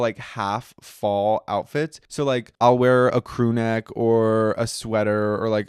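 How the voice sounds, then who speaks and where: A man's voice: medium pitch, smooth, no echo, clean studio sound. A young American man hosting a podcast, talking casually and playfully with many fillers. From United States. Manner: chatty, lots of "like" fillers, playful and giddy. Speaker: podcast host. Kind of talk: casual solo chat.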